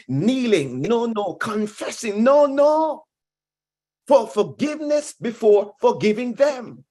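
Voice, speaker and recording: A male pastor preaching with a high, husky voice that swings widely in pitch. He speaks straight to his congregation and repeats his key lines for emphasis. His delivery is an emphatic sermon. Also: a little mellow. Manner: addresses congregation directly.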